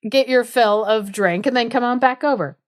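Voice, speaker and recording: A woman's voice: fairly high pitch, moderate pace, pitched above the performer's own voice, close to an everyday voice. A woman voicing a proud, boastful bird mother in a folk tale, her tone lightly raised as she retells it.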